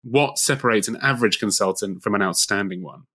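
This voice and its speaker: A man's voice: fairly low pitch, brisk, pushed and bright, breathy edge. A man co-hosting a podcast, reading out listener questions and responding in a friendly, casual way. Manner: friendly, reads questions aloud, brief affirmations.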